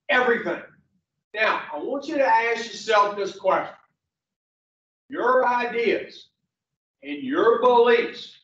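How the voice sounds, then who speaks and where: This motivational speaker for rehab patients is a man with a high voice and fairly bright tone who talks slowly, bluntly and preachily, questioning the room and cursing. The echoey, distant, dull lo-fi recording carries a slight hiss or hum.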